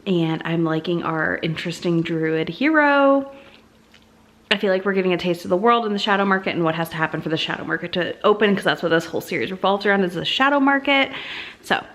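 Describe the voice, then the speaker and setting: A woman talking casually in a chatty, candid way, like a book vlogger catching her viewers up. Her voice sits at an everyday middle pitch, and she sounds easygoing. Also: a bit bright. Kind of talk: casual vlog chat.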